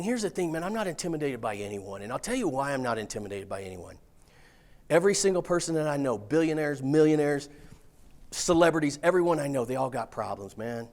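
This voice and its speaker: Middle-aged guy, folksy and animated, spinning a story on stage with some cussing. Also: on the high side. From Missouri. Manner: folksy, animated, casual swearing. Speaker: speaker. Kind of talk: storytelling keynote talk.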